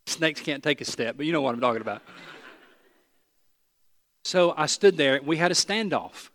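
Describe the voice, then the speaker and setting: A pastor, from East Tennessee, preaching a sermon with animated storytelling, self-deprecating humor and emphatic repetition. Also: male voice, on the high side, measured pace, pauses often.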